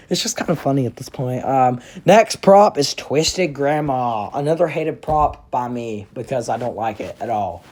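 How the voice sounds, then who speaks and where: A man hosting a casual review vlog, talking excitably and ranting with plenty of exaggeration. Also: medium pitch, measured pace. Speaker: prop reviewer, channel host.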